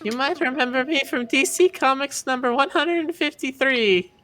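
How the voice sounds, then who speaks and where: A woman voicing a kindly old woman who keeps the woods, reading game dialogue in a gentle, folksy way. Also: sits high, moderate pace.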